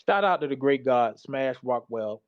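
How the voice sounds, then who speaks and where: A man's voice: medium pitch, lively intonation, moderate pace, clear, resonant tone. Man, tired, casual slide presentation, slangy, talks back to what he reads, muffled lo-fi audio.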